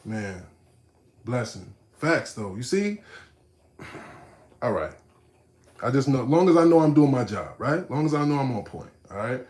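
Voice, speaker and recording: A man hosting a casual live stream, reacting to a video and talking straight to his chat in street slang, animated and mocking, dropping to low mutters and then bursting out loud. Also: unhurried, long pauses.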